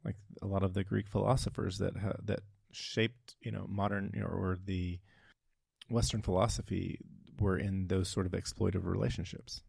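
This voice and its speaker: Gravelly, husky podcast co-host. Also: male voice, deep voice, little pitch movement, moderate pace, a little mellow, no echo, studio quality. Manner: thoughtful, searching for words. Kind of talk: casual chat.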